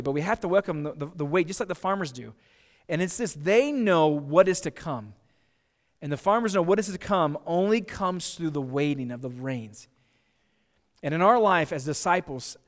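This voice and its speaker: A man with an American accent, preaching a sermon as pastor in an earnest, conversational way, often repeating words as he goes. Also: fairly high pitch. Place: church sanctuary. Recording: long reverb of a church hall.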